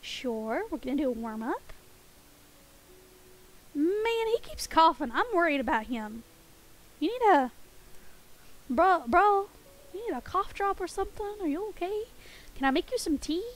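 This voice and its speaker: A woman's voice: very high voice, expressive, measured pace, long pauses, rough recording. A woman streaming a game and chatting playfully with her viewers, giggling often. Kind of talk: casual game stream chat with chat.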